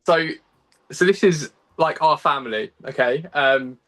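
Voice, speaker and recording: Bright-voiced chatty young Englishman. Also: fairly high pitch, measured pace. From England. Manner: chatty and self-deprecating, laughs often, lots of ums and restarts. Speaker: guest. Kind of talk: casual interview chat. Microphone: video call.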